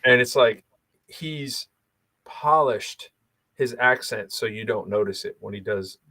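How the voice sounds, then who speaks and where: A man from Boston with a light Boston accent, co-hosting a podcast in casual chat, telling rambling, animated stories full of restarts. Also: mid-range voice, slow, no room sound. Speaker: podcast co-host.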